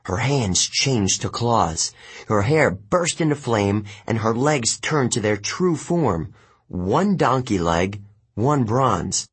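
A man narrating an audiobook in the first person, telling the story in a steady, even way. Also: mid-range voice, slow, husky.

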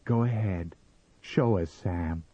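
A man voicing a tired, resigned wife who speaks flatly and coldly, on a slightly muffled recording. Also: deep voice, slow, dry recording. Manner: tired, flat and cutting. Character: weary cold-hearted wife, resigned and bitter.

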